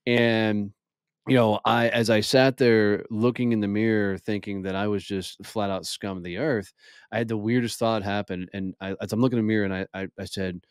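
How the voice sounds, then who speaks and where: A man's voice: lowish voice, fairly even intonation, moderate pace, clean tone, dry recording, studio quality. Blunt, profane man telling his story. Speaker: podcast guest. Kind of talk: candid storytelling interview.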